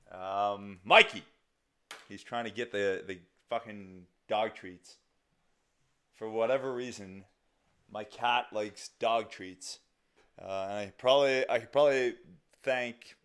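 A man's voice: on the low side, clear, resonant tone. A young man hosting a casual solo podcast, rambling loosely with lots of fillers and restarts and some casual swearing. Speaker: podcast host.

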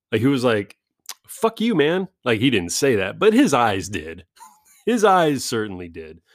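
A man's voice: medium pitch, dry recording, clean studio sound. A man in his forties telling a rambling, self-deprecating story in casual vlog chat, laughing often. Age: 40s. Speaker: vlogger.

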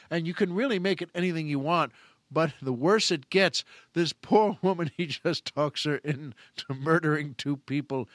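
A male show host telling a rambling, animated shaggy dog joke. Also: mid-range voice, normal speed, no echo. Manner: animated, rambling, self-correcting. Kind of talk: storytelling a joke.

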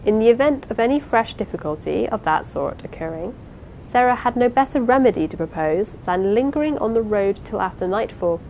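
A woman reading a classic novel aloud in a measured, expressive way, pausing now and then. Her voice sits at an ordinary middle pitch, with a faint low hum behind her. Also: rough recording. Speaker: audiobook reader. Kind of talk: unhurried amateur audiobook narration.

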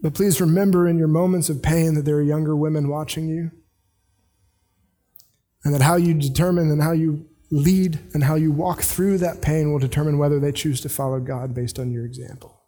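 A man preaching a sermon in a casual, conversational way, with animated paraphrases of the text he reads. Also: on the high side, normal speed, in a large hall. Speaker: pastor.

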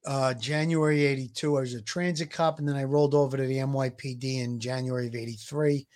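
A man in his sixties from Brooklyn, New York, speaks quickly in a mid-range, slightly mellow voice with a steady tone and a Brooklyn accent. A former police detective co-hosting a podcast, he chats easily and rambles, using lots of fillers.

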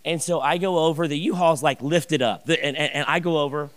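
A man telling a personal story in a sermon, animated and rambling, with many restarts and asides. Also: a little high, a little fast. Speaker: pastor.

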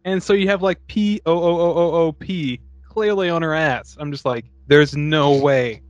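A man on a movie podcast, cracking up as he retells scenes and slips into mock voices for the characters. His voice sits a bit high, and the sound is dry and close. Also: normal speed, no echo, lo-fi sound. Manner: animated, profane, acts out quotes from the film. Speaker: podcast co-host. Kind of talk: casual movie-review chat.

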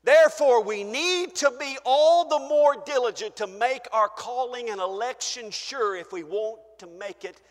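An older man preaching a fervent sermon as pastor in a church, shouting praise and then dropping to a hush. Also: very high voice, a little slow, few pauses. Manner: shouting, exclaiming hallelujah, swinging between loud and soft. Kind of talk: pentecostal sermon. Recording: church hall reverb.

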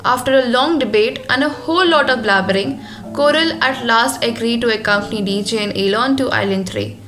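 A woman narrating a scripted audio drama in a measured storytelling manner. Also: fairly high pitch, over music.

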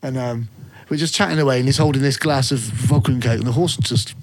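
A man's voice: mid-range voice, quick pace, background noise. A man chatting on a podcast, telling stories and laughing often. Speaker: podcast co-host. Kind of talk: casual chat, storytelling.

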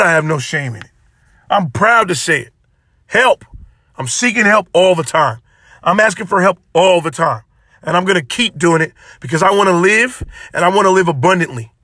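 A man's voice: sits high, bright, forceful tone, no echo, studio quality. A man hosting his own podcast alone, talking in an impassioned, preachy way and repeating phrases for emphasis. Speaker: podcast host. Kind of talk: solo motivational podcast talk.

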